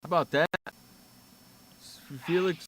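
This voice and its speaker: A brash man hosting sports talk radio, teasing and boastful. His voice sits a little high for a man, and he keeps the talk loose and casual. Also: steady tone, unhurried, background noise.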